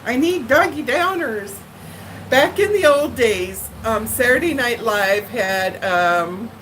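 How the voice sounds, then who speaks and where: A woman's voice: mid-range voice, fairly bright tone, a little hiss or hum, rough recording. A woman hosting a live stream from home, chatting casually with viewers in a rambling, friendly way with lots of fillers. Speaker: livestream host chatting with viewers. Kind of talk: casual live-chat monologue.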